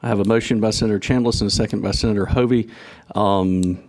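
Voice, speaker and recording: A man chairing a legislative committee meeting, brisk and courteous with a light joking touch. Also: fairly low pitch, fairly even intonation, darkish tone. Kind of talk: formal committee proceedings.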